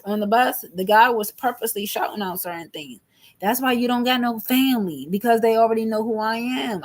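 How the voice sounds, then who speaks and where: A woman's voice: medium pitch, darkish tone. A woman in her thirties venting to camera in an emphatic, repetitive, agitated monologue. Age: 30s. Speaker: vlogger.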